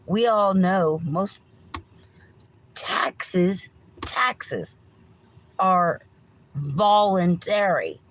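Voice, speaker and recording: A woman's voice: on the low side, poor audio. A middle-aged woman, hosting a livestream with a meandering rant, swearing freely and apologizing often. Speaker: livestream host.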